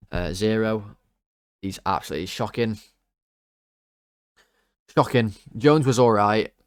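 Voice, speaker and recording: A lower-voiced young man rants through player ratings, exasperated and swearing. His voice is smooth and resonant, recorded close and dry with no room sound. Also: no room sound. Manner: exasperated, swearing, rambling with restarts. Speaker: football fan channel host. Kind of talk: frustrated player-ratings rant.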